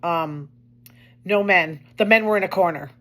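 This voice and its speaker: A woman's voice: fairly low pitch, measured pace, a bit bright. A woman hosting her own show, talking in a chatty, wry way with complaining asides. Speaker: host. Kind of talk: casual monologue commentary.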